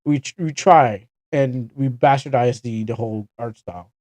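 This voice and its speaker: A man's voice: mid-range voice, normal speed, a little mellow, dry recording. A young Canadian man chatting casually on a game livestream, rambling and correcting himself with chuckling asides. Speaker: streamer.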